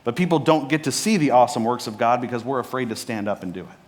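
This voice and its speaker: A man preaching a sermon as pastor, telling a Bible story with lively acted-out lines. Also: medium pitch, fast talker. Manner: animated storytelling, acting out Bible characters' lines. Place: church sanctuary.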